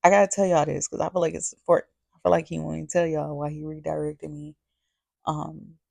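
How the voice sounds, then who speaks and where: A woman's voice: sits low, gravelly, darkish tone, dry recording, studio quality. A woman vlogger giving a candid, confessional testimony to camera, earnest and repeating her phrases for emphasis. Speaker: faith vlogger.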